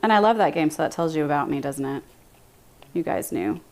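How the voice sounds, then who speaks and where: A young American woman chatting casually with her viewers on a live stream, animated and quick to laugh. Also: low-pitched, soft background music.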